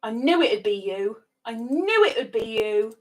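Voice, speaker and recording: A woman's voice: a little high, sing-song, unhurried, poor audio. A woman hosting a live stream from her home computer setup, chatting casually, often repeating herself and laughing. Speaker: livestream host.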